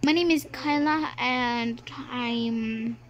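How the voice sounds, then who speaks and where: A woman's voice: on the high side, slow pace, lo-fi sound. A woman playing out a school story with toy characters in a playful way, switching between voices. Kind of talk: playful toy-game role-play storytelling. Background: background music.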